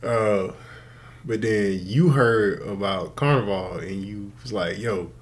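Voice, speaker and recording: A man's voice: lowish voice, takes it slowly. A man co-hosting a podcast in casual chat, telling stories animatedly, swearing freely and laughing often. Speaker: podcast co-host.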